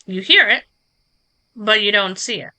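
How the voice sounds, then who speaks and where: A woman streamer walking her viewers through streaming software in a relaxed, chatty live tutorial, talking into a close microphone at her home setup. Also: mid-range voice, unhurried. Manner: relaxed, chatty explaining with asides to chat.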